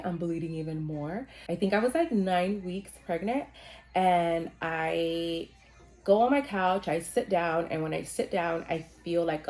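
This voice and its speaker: A woman's voice: lowish voice, a little mellow. A young woman vlogger telling a personal story in a casual, chatty way, full of "like" fillers and the odd swear word, acting out what people said. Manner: chatty, frequent "like" fillers, swearing, acts out quoted voices. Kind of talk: casual storytelling while getting ready.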